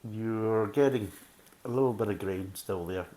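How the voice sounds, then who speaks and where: A man's voice: lowish voice, measured pace, mellow. A man giving a casual, methodical beer tasting review, full of "kind of" fillers.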